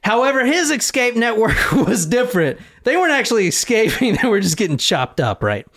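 A male podcast host narrates a story in a casual, profane, animated way, laughing often. His voice is a touch higher than most men's. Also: brisk.

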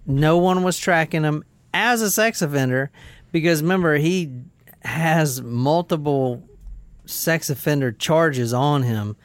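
A man's voice: fairly high pitch, measured pace, no echo. Blunt, swearing male podcast host. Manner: blunt, profane, animated. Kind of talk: casual true-crime storytelling.

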